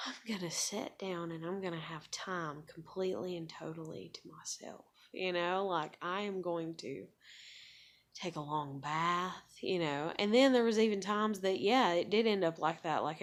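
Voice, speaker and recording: A woman's voice: on the low side, moderate pace. A woman in her thirties venting in a rambling, casual monologue, frustrated and swearing often. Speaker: vlogger.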